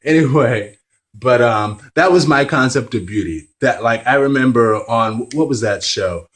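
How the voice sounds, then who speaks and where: A man's voice: mid-range voice, measured pace, low-quality recording. A man talking candidly to camera in a casual vlog, rambling with self-deprecating, apologetic asides. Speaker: vlogger.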